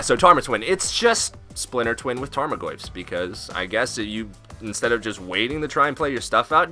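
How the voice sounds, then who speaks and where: A man with a very bright, sharp voice talks through game commentary in a loose, joking way. His pitch leaps around freely, and he throws in swearing and silly asides. Faint music plays underneath him. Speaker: host. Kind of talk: casual commentary.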